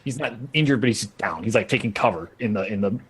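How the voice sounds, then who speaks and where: A man's voice: lowish voice, lively intonation, fast, breathy edge. A man running a tabletop role-playing game, narrating the action loosely with many fillers and restarts. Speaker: game master.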